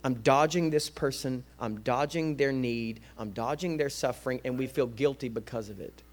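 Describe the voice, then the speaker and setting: A man preaching a sermon as a guest preacher, energetic and conversational, often repeating words as he restarts. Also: medium pitch, moderate pace.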